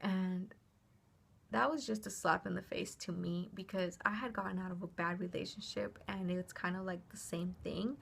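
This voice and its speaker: A young woman telling a personal story on her vlog in a chatty, animated way, with lots of "like" and casual swearing. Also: fairly low pitch, normal speed, gravelly, husky.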